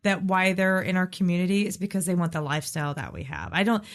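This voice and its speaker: A woman's voice: lowish voice, animated. A woman co-hosting a podcast, chatting in an agreeable, upbeat way. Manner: chatty, agreeable, quick to laugh. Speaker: podcast co-host. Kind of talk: casual chat.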